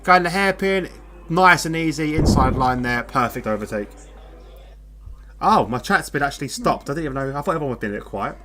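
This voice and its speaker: A young man doing live sim racing commentary, excitable and jokey, greeting chat viewers. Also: on the high side, fairly quick, background noise.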